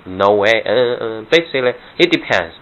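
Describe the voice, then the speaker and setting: A man's voice: on the low side, expressive, normal speed, fairly bright tone. Hesitant man. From Beijing, China. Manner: hesitant, searches for words. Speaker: interviewee. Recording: muffled with faint noise.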